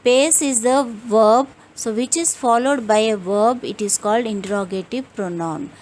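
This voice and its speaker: A woman teaching an English grammar lesson, explaining each rule in a slow, deliberate way and reading out example sentences. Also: a little high, a little mellow, poor audio.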